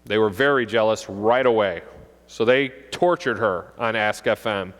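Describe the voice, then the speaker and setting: A middle-aged man, a police officer, giving an animated talk to parents and acting out kids' voices. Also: fairly low pitch, moderate pace. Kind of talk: presentation to an audience. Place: school hall. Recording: long hall reverb.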